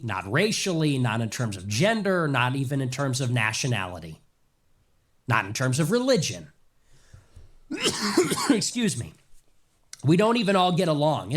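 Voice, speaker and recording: A man giving a sarcastic, mocking political commentary monologue, fighting a lingering cough and leaning hard on emphatic lists. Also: on the high side. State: nagging cough.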